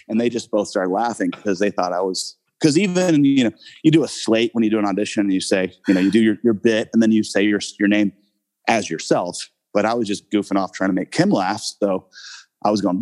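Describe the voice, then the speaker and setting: A man with a fairly low voice telling a long personal anecdote in a casual interview. He rambles, piles on fillers like "you know" and "um", and chuckles as he goes. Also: fairly quick, darkish tone. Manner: rambling, many fillers, laughs often. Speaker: actor, guest telling his story.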